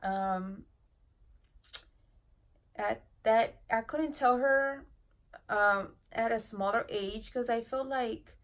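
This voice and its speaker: A woman in her thirties tells an emotional story in a vlog, near tears, soft-spoken and halting with many fillers. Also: a little high. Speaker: family vlogger.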